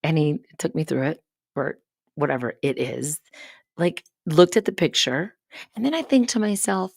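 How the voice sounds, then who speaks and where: A woman live-streaming a casual monologue, sarcastic and rambling, swearing often and breaking into quick asides. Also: deep voice, animated, gravelly, slightly rough, no echo, clean studio sound. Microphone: studio mic up close.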